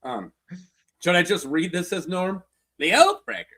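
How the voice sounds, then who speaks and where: A man hosts a casual livestream, cracking jokes and laughing easily. His voice sits high and swings all over. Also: big pitch swings, normal speed, bright, forceful tone, slight background noise. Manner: laughing, joking, tells jokes. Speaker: livestream host. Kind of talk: casual chat.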